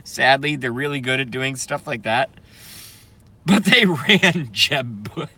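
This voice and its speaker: A man's voice: mid-range voice, animated, moderate pace, sharp tone, slightly rough. A man doing a comedic, profane live stream rant, keeps breaking into laughing fits. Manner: profane, sarcastic.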